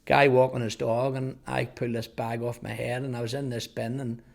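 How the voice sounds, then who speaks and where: A man in his fifties with a Northern Irish accent, earnestly telling his life testimony, halting at times over repeated words. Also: medium pitch, level tone, gravelly. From Northern Ireland. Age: 50s. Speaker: testimony speaker. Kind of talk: personal testimony storytelling.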